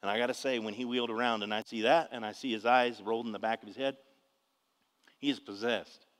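A man, preaching a testimony in an animated storytelling way with bursts of shouting. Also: medium pitch, fast talker, big-room sound. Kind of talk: testimony sermon.

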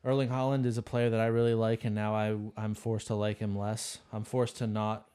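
A man's voice: on the low side, level tone, fairly quick, mellow, clear, resonant tone. A man co-hosting a sports podcast, talking bluntly and emphatically and repeating himself. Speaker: podcast co-host. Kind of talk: casual chat.

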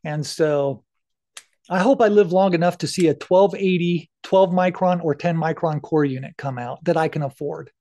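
Middle-aged male guest, high voice, candid and earnest, casual cusser. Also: normal speed, mellow. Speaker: podcast guest. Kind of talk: casual interview talk.

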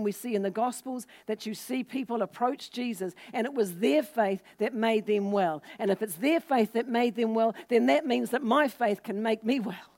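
A woman preaching a sermon, teaching earnestly and acting out scripture scenes with lifted voices for quoted speakers. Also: darkish tone. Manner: voices quoted people with lifted pitch and force.

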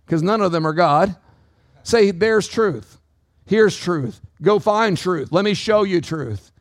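A high-voiced pastor preaches from the pulpit and calls out to his congregation, his pitch and pace swinging widely. His voice sounds dry and close, with no echo.

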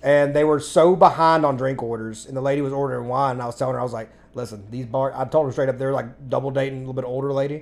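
A man's voice: mid-range voice, racing, few pauses. A man co-hosting a casual podcast, telling a long story about a bad restaurant customer, full of swearing and acted-out dialogue. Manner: profane, animated storytelling. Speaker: podcast co-host.

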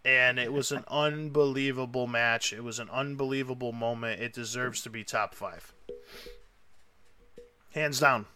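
A man hosting a casual chat, telling a story with excitable, emotional energy and lots of rambling. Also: medium pitch, a little slow, slight background noise. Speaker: podcast host.

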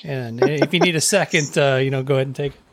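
A man's voice: medium pitch, quick pace, fairly bright tone, dry recording, studio quality. A man hosting an interview, asking questions in a loose, hesitant way with lots of fillers. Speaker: podcast host. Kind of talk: casual interview.

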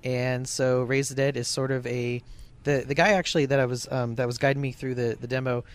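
A man's voice: mid-range voice, steady tone, fairly quick, smooth. A man co-hosting a casual podcast chat, steadily recounting a game he played. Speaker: podcast co-host. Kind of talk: casual chat about games.

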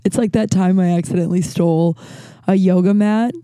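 A woman's voice: fairly low pitch, fairly even intonation, brisk, warm tone, dry recording. A woman in her thirties telling casual stories in a rambling monologue, swearing freely and often restarting or correcting herself.

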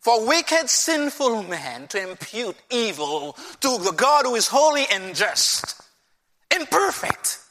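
A man's voice: very high-pitched, sing-song, slow, bright, forceful tone, big-room sound. A man preaching a sermon with emphasis, often putting rhetorical questions to his listeners.

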